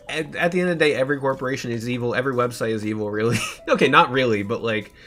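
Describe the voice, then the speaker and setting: A man's voice: medium pitch, fairly bright tone. A young man streaming a game, rambling in casual chat and laughing often.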